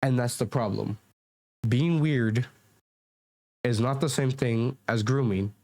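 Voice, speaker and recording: Speaking slowly in a mid-range, slightly mellow voice, a man does argumentative commentary at his home desk mic, with no room sound. He reacts to comments defensively, rambling with fillers and frequent restarts.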